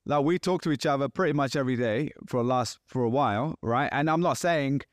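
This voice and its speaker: A man's voice: mid-range voice, brisk, no echo, clean studio sound. A man co-hosting a podcast in casual chat, talking animatedly and acting out quoted exchanges. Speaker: podcast co-host.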